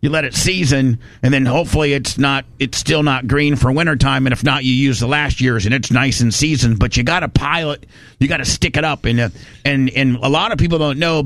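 In a dry recording, a mid-range male voice belongs to a podcast host from Indiana who rambles through a long story in casual conversation. He's folksy and acts out what each person in the tale says.

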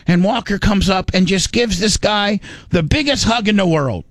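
Brief: talk-show man, slightly high voice, rambling storyteller, dry close mic. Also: normal speed, no echo. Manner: rambling storyteller, many restarts, animated asides. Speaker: show host. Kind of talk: casual radio show banter.

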